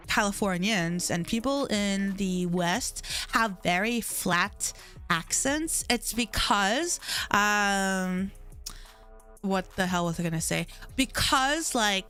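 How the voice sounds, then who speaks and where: Young woman streamer, chatty and rambling, smooth clear tone, soft music behind. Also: medium pitch, lively intonation, takes it slowly. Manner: rambling, chatty, heavy on "like" fillers. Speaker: livestreamer reading chat. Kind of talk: casual chat.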